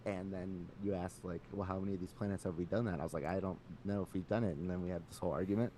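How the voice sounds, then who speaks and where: Low-voiced joking podcast co-host. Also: male voice, fast, a little hiss or hum. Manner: joking, laughs often, excitable. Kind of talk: casual podcast chat.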